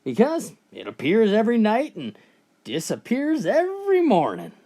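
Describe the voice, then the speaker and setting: A woman's voice: medium pitch, wildly swooping pitch, normal speed, dark tone, pitched above the performer's own voice. A woman voicing a cheeky, mouthy young boy with blunt punchlines.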